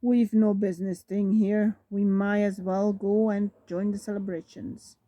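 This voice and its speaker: A woman voicing an old male wizard headmaster, calm and wry, in a measured storybook reading. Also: mid-range voice, dry recording, dull audio, close to an everyday voice.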